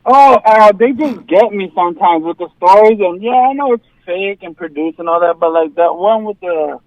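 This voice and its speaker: A man's voice: sits high, expressive, normal speed, darkish tone, no room sound. A man calling in to a show, out of breath, talking in a sheepish, chatty way. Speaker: caller. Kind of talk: phone call into a show. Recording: dull lo-fi phone line.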